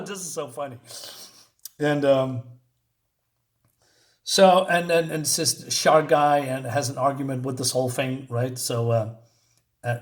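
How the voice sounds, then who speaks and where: Amused male comic reviewer, slightly high voice, rambling and laughing through the story. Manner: amused, often laughing, halting with fillers. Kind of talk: casual review, reading comic dialogue aloud.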